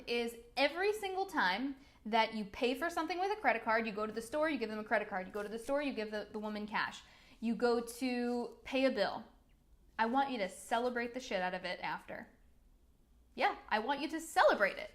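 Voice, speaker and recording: Chatty upbeat woman coach. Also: a little high. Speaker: business coach. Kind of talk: live-streamed coaching talk.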